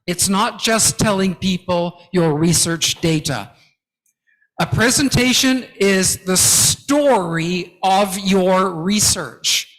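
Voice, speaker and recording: A man giving a guest lecture to academics, teaching slowly and emphatically and often checking in with "okay?". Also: sits high, animated, a bit bright. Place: large lecture hall. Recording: long hall reverb.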